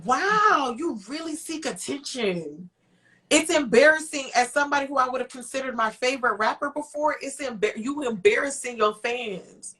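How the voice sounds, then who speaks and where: A woman co-hosting a podcast, animated and opinionated in casual chat. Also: sits high, moderate pace. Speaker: podcast co-host.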